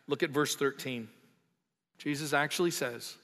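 Male pastor, high-pitched, impassioned sermon delivery, big reverberant hall. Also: measured pace. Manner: impassioned, swells loud on emphatic lines then drops quiet.

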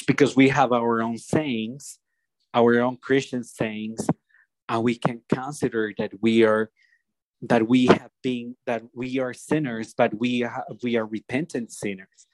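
A man preaching a sermon, slow and deliberate, often restarting his phrases as he explains a passage. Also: medium pitch, flat delivery, dry recording, rough recording.

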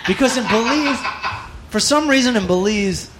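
A man's voice: very high-pitched, lively intonation, normal speed, a bit bright, a little hiss or hum. A man on a podcast telling a long story in casual chat, rambling along with plenty of "like" fillers. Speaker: podcast guest.

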